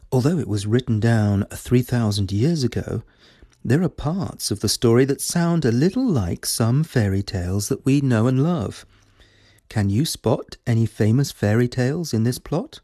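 A man with a mellow, warm tone addresses listeners as host, friendly and inviting. His voice is recorded close and dry, with no room sound. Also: medium pitch, no echo.

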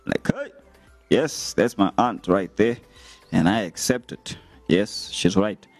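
A young man talking casually to his viewers as a vlogger, retelling comments with animated, laughing delivery. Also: fairly low pitch, slow pace, no room sound, soft background music. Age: young adult. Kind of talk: casual storytelling to camera.

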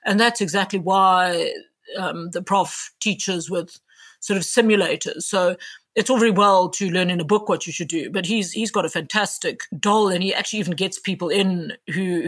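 Woman, ER doctor guest, bright voice, animated storyteller. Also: fairly low pitch. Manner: animated, acts out quotes with laughs. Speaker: emergency doctor and author. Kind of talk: interview guest, casual storytelling.

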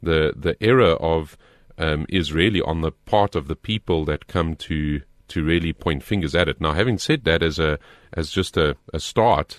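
A man with a very low voice answers a listener's question and teaches from the Bible in an earnest, measured way. He reads the scripture passages aloud, with small restarts along the way. The sound is dry and close, with no room echo.

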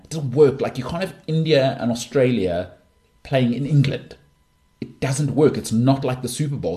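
A man's voice: mid-range voice, warm tone. A middle-aged man hosting a solo sports podcast, talking in an opinionated, emphatic way with frequent restarts. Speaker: podcast host.

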